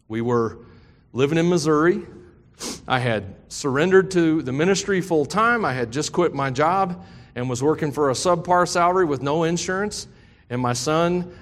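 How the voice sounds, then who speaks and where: A middle-aged man preaching a sermon, telling a personal story that builds into impassioned preaching. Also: mid-range voice. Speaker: pastor. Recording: long hall reverb.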